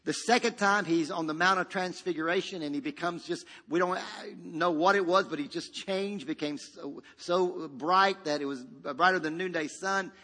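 A man's voice: a little high, normal speed, few pauses, bright, forceful tone, long reverb tail. A man preaching a sermon as pastor, emphatic and repetitive, leading the congregation in call-and-response.

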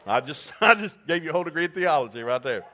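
A man's voice: a little high, expressive, quick pace, bright, forceful tone, a little hiss or hum. A man from East Tennessee, preaching a humorous sermon in a folksy, joking, plainspoken way. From East Tennessee, USA.

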